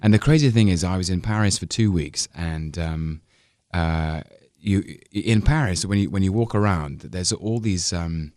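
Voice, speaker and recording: A man's voice: low-pitched, moderate pace, few pauses, a little mellow, dry recording, clean studio sound. A man in his thirties with an English accent, a guest on a radio interview, speaking in a thoughtful, articulate way with frequent restarts. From England. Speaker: actor guest.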